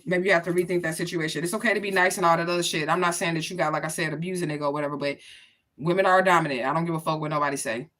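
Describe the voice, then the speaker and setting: A woman's voice: lowish voice, a bit bright. A woman giving a casual spiritual reading to her viewers, blunt and profane, talking straight to them. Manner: blunt, profane, chatty, addresses viewers directly. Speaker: spiritual reader.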